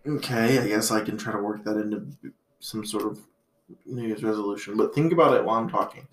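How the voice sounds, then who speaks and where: A man's voice: fairly low pitch, fairly quick. A man in his thirties hosting a casual podcast chat, reflective and rambling, with plenty of filler words. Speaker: podcast host. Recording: roomy echo.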